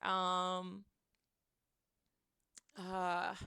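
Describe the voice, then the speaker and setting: A woman chatting on a home livestream, rambling and giggly, with many filler words and sudden excited reactions to her chat. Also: fairly low pitch, extremely slow, vocal fry, clean tone, dry recording, clean studio sound. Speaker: streamer.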